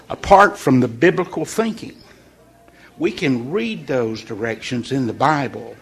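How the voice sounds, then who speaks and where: A man leading an informal morning devotional in a folksy, conversational way, pausing on purpose for emphasis. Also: mid-range voice, a little hiss or hum. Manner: folksy and conversational, with deliberate pauses. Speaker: devotional leader.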